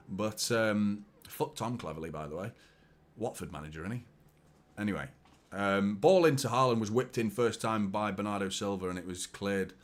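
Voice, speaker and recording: A man's voice: lowish voice, a bit bright. A man hosting a live football watchalong, giving exasperated, sweary fan commentary.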